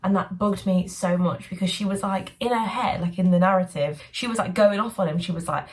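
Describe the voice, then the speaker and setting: A woman chatting casually in a book review vlog, sardonic and quick to mock the books she discusses. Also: mid-range voice, darkish tone, recorded from a distance.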